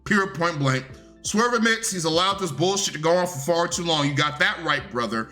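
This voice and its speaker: A man's voice: a little high, pushed and bright. A man reviewing a wrestling show in a casual recap rant, blunt, profane and dismissive.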